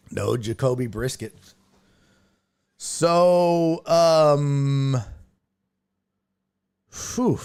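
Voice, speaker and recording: A man's voice: mid-range voice, darkish tone. A man hosting a sports talk show, chatting casually and thinking aloud as he reacts to the news.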